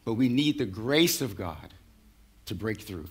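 A man's voice: on the low side, very animated, a little slow, breathy edge. A man preaching a sermon in a conversational way, building to rising intensity. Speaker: pastor.

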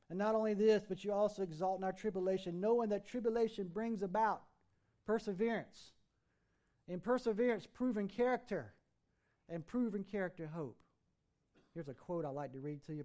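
High-voiced preaching male pastor. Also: normal speed, dark tone. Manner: preaching, reciting scripture with rising emphasis. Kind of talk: sermon. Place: church.

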